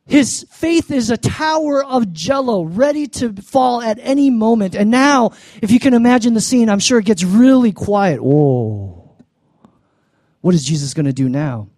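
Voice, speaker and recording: High-voiced pastor preaching a lively sermon. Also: male voice, moderate pace, no echo. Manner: animated, acts out the people in the story; calls to the congregation for an amen.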